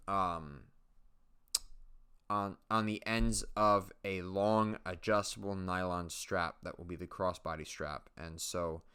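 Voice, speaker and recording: A man's voice: deep voice, sharp tone, smooth. A man casually narrating his own leatherworking footage, rambling and joking at his own expense. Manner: rambling, self-mocking, jokey asides. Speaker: leatherworking channel host.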